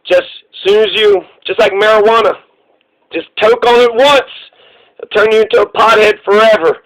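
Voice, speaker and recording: A man's voice: sits high, steady tone, normal speed, a bit bright, poor audio. A man giving profane, sarcastic political commentary, ranting and mocking his targets.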